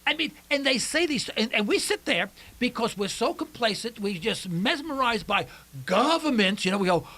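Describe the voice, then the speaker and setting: A man's voice: very high-pitched, moderate pace, low-quality recording. A man hosting a radio talk show, rambling and opinionated with lots of restarts. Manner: rambling, animated, with many restarts.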